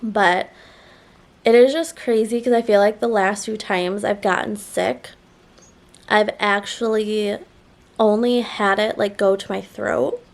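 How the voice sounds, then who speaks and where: A woman's voice: medium pitch, steady tone, measured pace, vocal fry. A woman vlogger chatting casually to camera, her voice a little nasal as she gets over a sore throat, rambling with lots of "like" fillers. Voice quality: slightly nasal.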